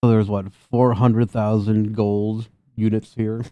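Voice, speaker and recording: Low-voiced man running a tabletop game. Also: flat delivery, slow, clean tone, no room sound, muffled recording. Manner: casual, amused narration. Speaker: game master.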